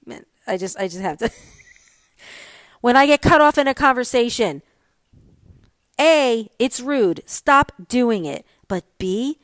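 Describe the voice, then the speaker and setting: A woman's voice: high-pitched, very animated, measured pace, long pauses, a bit bright, no echo. A middle-aged woman hosting a podcast, chatting casually and animatedly about her pet peeves. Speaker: podcast host. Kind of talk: casual solo podcast chat.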